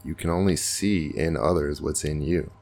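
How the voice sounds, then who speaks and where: A man with an extremely deep voice and a gravelly, fry-heavy edge hosts a podcast. He muses in an earnest, reflective way, as if thinking aloud in a casual spiritual monologue. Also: fairly even intonation, moderate pace, darkish tone. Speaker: podcast host.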